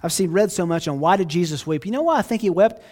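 Male pastor, fairly high voice, earnest conversational sermon, dynamic from hushed to loud. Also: animated, fast talker. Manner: earnest, conversational preaching with asides to listeners.

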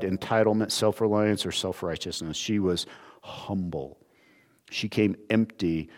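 A man preaching a sermon, expressive, moving between emphatic lines and hushed, quiet ones. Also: low voice.

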